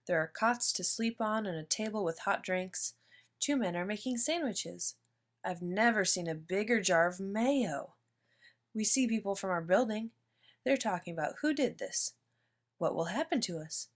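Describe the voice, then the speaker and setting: A woman reading a children's picture book aloud in steady, even narration. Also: mid-range voice, moderate pace. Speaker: storyteller.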